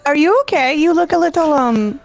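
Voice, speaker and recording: A woman's voice: sits high, lively intonation, brisk, gravelly. A woman playing a tabletop game, chatty and teasing. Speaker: player. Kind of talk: casual tabletop role-play.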